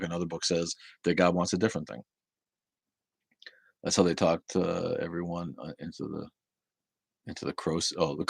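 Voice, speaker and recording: A man's voice: low voice, vocal fry, breathy edge, dry recording, studio quality. A man hosting a casual livestream, reading out viewer comments and answering them with sarcastic, profane rants full of restarts.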